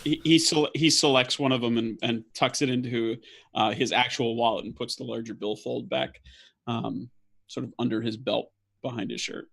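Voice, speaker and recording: A man's voice: mid-range voice, steady tone, vocal fry, fairly bright tone. A man running a tabletop role-playing game, narrating at an easy pace, often stopping on ums and uhs. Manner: halting, many ums and uhs. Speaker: game master. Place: home setup on a live stream.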